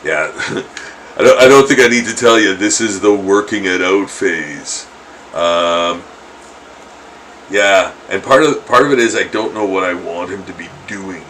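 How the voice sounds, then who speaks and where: A man's voice: low voice, measured pace, a bit bright, slight background noise, low-quality recording. A middle-aged man chatting casually while he draws, rambling and chuckling, with lots of fillers and restarts. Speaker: artist streaming his drawing. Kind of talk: casual chat while drawing.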